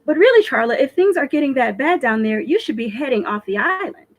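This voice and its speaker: A woman reading aloud, voicing a concerned female doctor who pleads earnestly in a raised, higher voice. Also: expressive, brisk.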